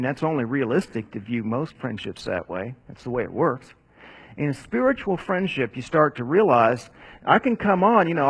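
A man preaching and teaching through a Bible passage in a casual, conversational way, with rhetorical questions and asides. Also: mid-range voice. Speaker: pastor.

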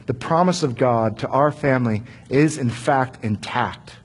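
A man's voice: mid-range voice, measured pace, breathy edge. A man voicing a powerful ruler who speaks firmly but reassuringly to his brothers. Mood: forgiving. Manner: commanding then reassuring. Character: powerful forgiving adult ruler Joseph.

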